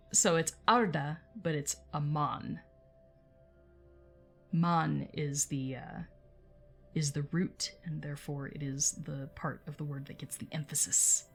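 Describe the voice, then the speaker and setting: A woman with a notably low voice talks through terms casually, with frequent fillers and quick laughs. Faint music runs behind her. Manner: chatty, laughs often, many fillers. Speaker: host. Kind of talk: casual explanatory livestream commentary.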